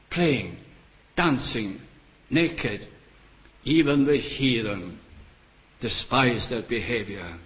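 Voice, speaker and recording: An older man preaching a sermon, slow and deliberate, building up to emphatic rhetorical questions. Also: mid-range voice, expressive, fairly bright tone, poor audio.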